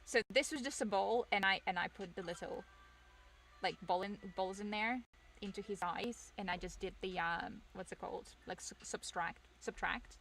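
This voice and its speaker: A woman's voice: mid-range voice, normal speed, a bit bright, slight background noise. A young woman streamer chatting casually with her viewers, rambling, self-deprecating and laughing often.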